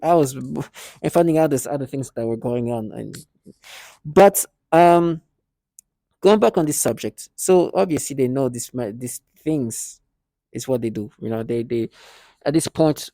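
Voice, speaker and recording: A man with a gravelly, low-toned voice talks straight to camera, rambling and circling back with many false starts. The sound is close and dry. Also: mellow, dry recording. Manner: rambling, halting, with many restarts and quoted asides. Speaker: vlogger. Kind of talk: casual monologue to camera.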